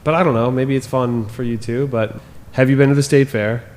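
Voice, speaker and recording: A man from Minnesota co-hosting a podcast, asking quiz questions in a relaxed, laughing way. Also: mid-range voice, a little fast, in a large hall. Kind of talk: casual quiz chat.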